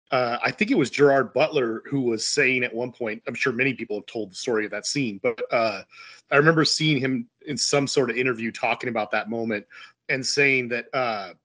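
A man's voice: medium pitch, bright, forceful tone. A man co-hosting a movie podcast, chatting loosely and recalling an interview he saw. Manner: chatty, laughing asides, loose recollection. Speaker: podcast co-host. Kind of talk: casual movie discussion.

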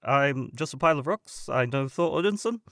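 A man voicing a gentle, chatty rock-bodied alien man with a New Zealand accent, rambling like a storyteller. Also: mid-range voice, expressive, brisk, gravelly, no room sound, studio quality. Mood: friendly.

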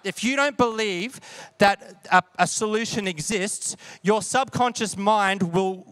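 High-voiced man preaching casually. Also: a bit bright, no echo. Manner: conversational, asks the audience questions. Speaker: pastor. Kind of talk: sermon.

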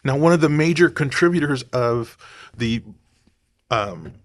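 Slow, rambling man talking to camera. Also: mid-range voice, animated, no echo, clean studio sound. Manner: rambling, digressive, thinks aloud. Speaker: vlogger. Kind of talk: casual talk to camera.

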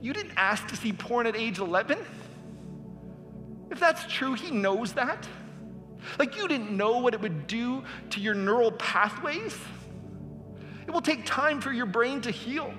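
A man's voice: very high-pitched, animated, measured pace, long pauses, big-room sound, over music. A man preaching a sermon as pastor, earnest and building to emphatic appeals.

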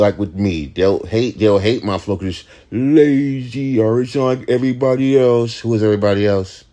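A young man with a low voice, rambling in a profane, ranting late-night podcast monologue. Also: normal speed, few pauses, mellow. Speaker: podcast host, rapper.

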